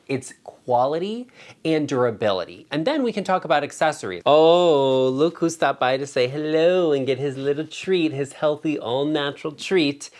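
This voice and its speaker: A chatty male interior designer talks straight to camera, sassy and emphatic as he hands out his rules. His tone is casual and opinionated. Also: mid-range voice.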